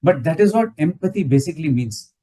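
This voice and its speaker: A man's voice: on the high side, expressive, fast talker, warm tone, distant mic, poor audio. A man explaining ideas in a spiritual talk, often checking in with "right?". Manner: explanatory, ends points with "right?". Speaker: satsang speaker.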